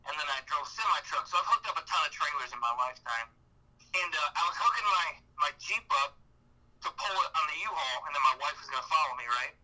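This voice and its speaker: A man from Ohio telling casual stories on a podcast, with lively acted-out quotes. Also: on the high side, fast, low-quality recording. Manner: animated storyteller with laughs and acted-out quotes. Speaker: guest hunter. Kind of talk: casual storytelling.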